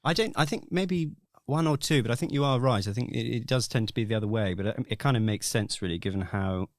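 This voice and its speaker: A man's voice: mid-range voice, fast talker, no room sound, studio quality. A man with a posh English accent, chatting and thinking aloud as a podcast co-host. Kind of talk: casual chat.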